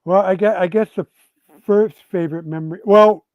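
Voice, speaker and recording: An animated, rambling man telling tabletop gaming stories, his voice sitting fairly high. The sound is dry and close, with a dull, lo-fi edge to it. He restarts his sentences often as he warms to a story. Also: normal speed, no room sound. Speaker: guest game designer. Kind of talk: storytelling in a casual interview.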